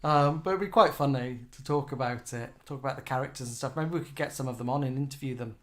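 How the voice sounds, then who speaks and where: A man's voice: medium pitch, fast, a bit bright. A middle-aged English man co-hosting a casual live chat, reading out viewer comments and giggling often. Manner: chatty, giggly, reads out comments. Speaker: podcast co-host.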